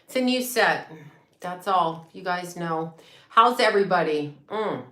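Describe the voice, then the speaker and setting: A woman hosting a casual livestream from home, chatty and excitable, swearing freely and laughing often. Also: fairly low pitch, measured pace. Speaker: psychic medium and astrologer livestream host. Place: home room with a set. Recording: echoey room with faint noise.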